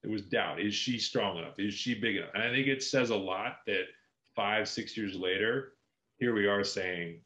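A man's voice: fairly low pitch, moderate pace, pushed and bright, echoey room. A man co-hosting a film podcast, giving long, enthusiastic explanations in casual chat.

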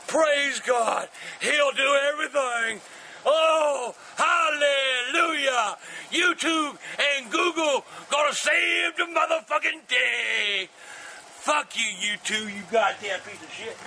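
An older man with a strikingly high, bright and sharp voice who rants in furious bursts of cursing. He swings into shouts, and faint background noise sits under his words. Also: slow pace. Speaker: show regular, angry grandpa. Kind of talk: profane ranting to camera.

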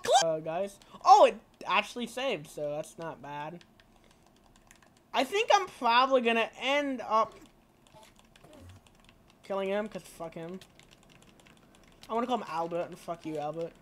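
A woman's voice: fairly low pitch, animated, a little fast, fairly bright tone, a little hiss or hum. A woman with a lisp doing rambling, profane let's play commentary, often yelping and shrieking. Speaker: gaming video creator.

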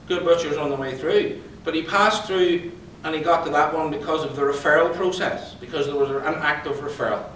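A psychologist speaking at a conference gives a lively motivational talk, blending stories with questions to quiz the audience. His voice is slightly raised and on the high side, echoing through a large event hall and sounding a bit distant from the microphone. There's slight background noise.

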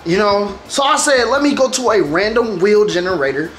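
A woman streamer giving casual, animated commentary over gameplay, talking straight to her viewers. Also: mid-range voice, normal speed. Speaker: gaming streamer. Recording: roomy echo with faint background music.

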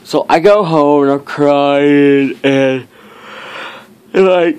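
A man's voice: fairly high pitch, slow pace, darkish tone, clean tone. A young adult man vlogging, telling a casual story in a rambling way, with lots of filler words and frequent swearing.

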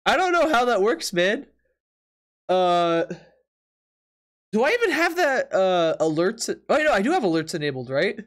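A man's voice: sits high, big pitch swings, unhurried, pauses often, fairly bright tone. A man streaming live from his apartment, chatting casually with viewers, laughing often and reacting in disbelief while teasing his chat.

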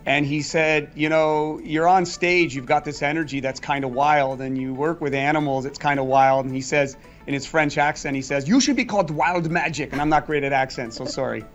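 A man's voice: on the high side, level tone, normal speed, few pauses, lo-fi sound, soft background music. A middle-aged man answering interview questions in a chatty, storytelling way, with fillers and restarts. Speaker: guest magician.

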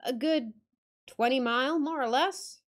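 A woman's voice: sits high, a little slow, pitched above the performer's own voice. A woman voicing a surly old male servant, growling curt answers. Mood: grumbling surly.

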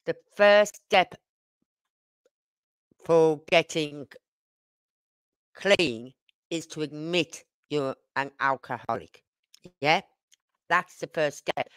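Here a YouTuber's mid-range, fairly bright voice stays smooth and clean through live-stream commentary. Points get pressed with repetition and rhetorical questions, with occasional apologies for speaking fast, all captured close and dry without echo.

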